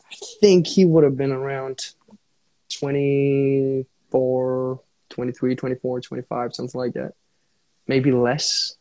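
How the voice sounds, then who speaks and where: A man's voice: medium pitch, warm tone. A young man, chatting casually and jokingly on a live phone stream, laughing often and repeating himself. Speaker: actor hosting a live watch-along. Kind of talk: casual chat.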